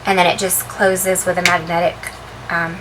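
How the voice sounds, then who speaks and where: A woman vlogger chatting casually as she shows the contents of her handbag, relaxed and full of ums and uhs. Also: lowish voice, normal speed, noisy background. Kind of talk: casual show-and-tell vlog.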